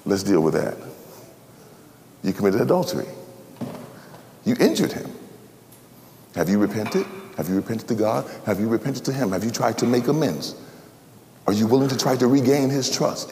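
A man preaching a sermon as a pastor, emphatic, swinging between loud high pleas and low quiet asides. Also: expressive, normal speed, long pauses, a little hiss or hum. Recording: long reverb of a hall.

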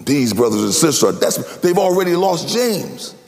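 A man preaching a sermon in a sing-song cadence, swinging from loud cries down to low murmurs. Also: sing-song, a little fast. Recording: echoey hall.

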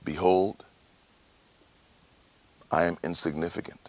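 A man voicing a humbled Job, speaking low and quietly with halting, contrite words. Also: flat delivery.

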